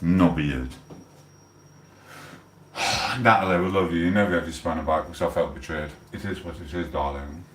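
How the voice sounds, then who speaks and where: South yorkshire bloke livestreaming, swears a lot, lowish voice, echoey room, sat back from the mic. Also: male voice, moderate pace, long pauses, a bit bright, distant mic, slight background noise. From England. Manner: blunt, swearing, mock-outraged ranting. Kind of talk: casual livestream chat.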